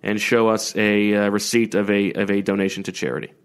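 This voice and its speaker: A man with a fairly low voice co-hosts a casual sports podcast from a remote call. He trades dry, joking banter in a relaxed way. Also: a little fast, smooth. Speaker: podcast co-host.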